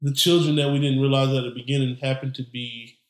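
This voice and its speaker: A man's voice: medium pitch, level tone, fast talker, roomy sound, poor audio. A man in casual chat about a movie, laid-back, chiming in and laughing with his co-host.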